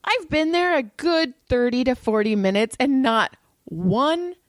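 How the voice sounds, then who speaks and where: A woman's voice: high-pitched, lively intonation, unhurried, no room sound. A woman co-hosting a podcast, telling stories animatedly with laughs and swearing. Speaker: podcast co-host. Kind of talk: casual chat.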